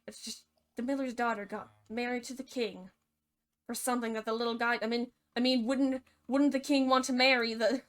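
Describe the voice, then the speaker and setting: A young woman telling a fairy tale in a casual, playful, slangy and rambling way. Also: on the high side. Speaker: narrator. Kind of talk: casual storytelling narration.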